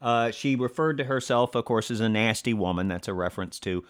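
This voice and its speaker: A man co-hosting a political commentary podcast, talking in a halting way with many fillers and restarts and a sarcastic edge. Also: fairly low pitch, clean tone. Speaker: podcast co-host.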